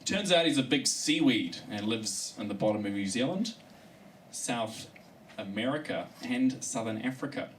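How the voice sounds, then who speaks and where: Animated man doing stand-up storytelling. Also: mid-range voice, moderate pace. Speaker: stand-up comedian. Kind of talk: stand-up comedy set. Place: live comedy show. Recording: distant mic with live room noise.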